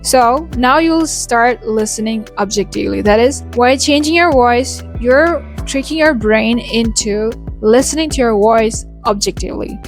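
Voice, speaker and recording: A woman's voice: on the high side, moderate pace, few pauses, soft background music. A young woman from India with an Indian English accent leaning American, chatting casually in an accent tutorial with tag questions and fillers. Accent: Indian English shaped toward American. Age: young adult. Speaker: YouTuber teaching accent.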